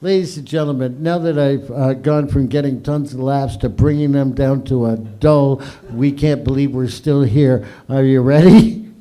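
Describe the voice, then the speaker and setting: A man hosting a live open mic comedy night, with crude, loud and swearing banter between acts. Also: mid-range voice, steady tone, normal speed, hardly any pauses. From Canada.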